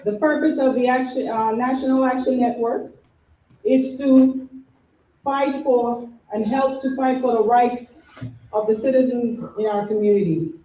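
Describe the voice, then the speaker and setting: A woman from New York with a New York accent, an organization officer giving an earnest, measured address to a community audience. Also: on the high side, fairly even intonation, mellow. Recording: echoey, dull room recording from far off.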